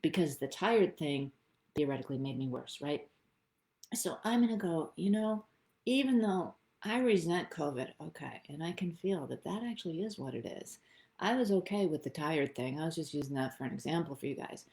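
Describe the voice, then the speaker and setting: A middle-aged woman teaching stress tapping in a live online session, talking in a chatty, upbeat way and thinking out loud. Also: sits low, animated, normal speed. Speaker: EFT tapping practitioner.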